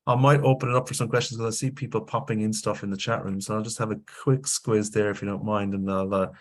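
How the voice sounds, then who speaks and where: Irish male presenter, lowish voice, emphatic lecturing webinar delivery. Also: fairly even intonation, quick pace. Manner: emphatic, lecturing, with frequent check-ins to the audience. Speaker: grants consultant presenting a webinar. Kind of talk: instructional webinar talk.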